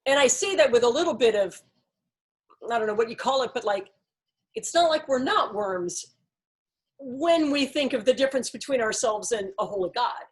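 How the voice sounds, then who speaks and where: Woman, fairly high voice, Bible study leader, casual, thoughtful, explains with examples. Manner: thoughtful, explains with examples, uses "like" and "you know" often. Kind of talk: casual group discussion.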